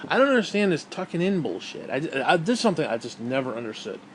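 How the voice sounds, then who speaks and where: A man's voice: fairly high pitch, big pitch swings, fast, a little hiss or hum. Crude, bitter man ranting. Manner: crude, bitter, rambling with restarts. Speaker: vlog host. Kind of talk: profane rant.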